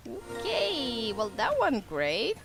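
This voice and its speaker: A woman's voice: a little high, wildly swooping pitch, takes it slowly, vocal fry, over music. A woman hosting a let's play, chatting playfully and casually about the game as she plays. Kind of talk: casual gameplay commentary.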